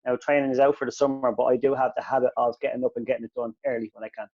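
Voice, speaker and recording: Brief: podcast co-host, man, speaks quickly and plainly, agrees readily; dull lo-fi recording. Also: medium pitch, level tone. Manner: quick, matter-of-fact, agreeable. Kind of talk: casual podcast chat. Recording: dull, muffled lo-fi sound.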